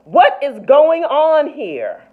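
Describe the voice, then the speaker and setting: Woman playing a stuffy store boss, indignant and snapping, slow, tinny phone sound. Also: lowish voice, wildly swooping pitch, slightly rough, heavily acted. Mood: furious. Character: furious, stuffy older male store manager.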